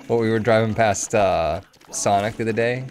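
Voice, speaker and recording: A man's voice: lowish voice, moderate pace, a little mellow, faint music behind. Rambling, swearing male game streamer. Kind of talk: casual gameplay chat.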